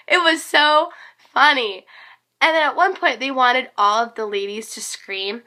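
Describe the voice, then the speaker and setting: Teen girl vlogger, hoarse, crisp bright voice, casual rambling recap with lots of ums. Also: high voice, animated, normal speed. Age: teens. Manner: rambling, gushing, many fillers. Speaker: concert fan vlogger.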